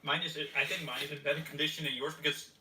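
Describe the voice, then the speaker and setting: A man's voice: on the high side, steady tone, very fast, sharp tone. A man in a casual chat as a guest, talking hesitantly and often stammering and restarting his sentences. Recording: roomy, distant, noisy.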